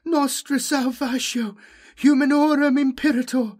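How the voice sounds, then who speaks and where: A man's voice: mid-range voice, a little slow, vocal fry, breathy edge, no echo, studio quality, full character voice. A man voicing a terrified boy who shrieks and howls prayers. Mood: frantic. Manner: shrieking, howling.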